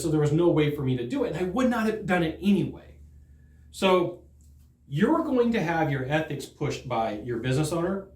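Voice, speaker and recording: A man's voice: on the high side, echoey room. Earnest man giving sales training talk. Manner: earnest, conversational, repeats words when restarting. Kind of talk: direct-to-camera training talk.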